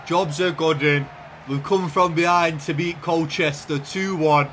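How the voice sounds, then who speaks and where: A man giving lively play-by-play commentary on his own video game, swinging from quiet muttering to shouting at the big moments. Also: fairly high pitch, measured pace, a little hiss or hum. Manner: excitable, shouts at goals, banter. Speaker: gaming YouTuber.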